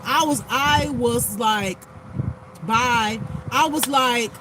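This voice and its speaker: A man's voice: very high-pitched, slow pace. A man talking casually as a spiritual life coach, telling a story bluntly and animatedly with heavy swearing and acted-out quotes. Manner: acts out quotes in a raised voice. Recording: clear outdoor traffic noise. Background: passing cars and street noise.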